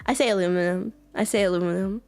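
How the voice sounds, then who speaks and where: A woman's voice: mid-range voice, steady tone, fast, darkish tone, dry recording. A woman with an American accent chatting casually with her live chat as a streamer, giggling often and saying "like" a lot. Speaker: VTuber streamer.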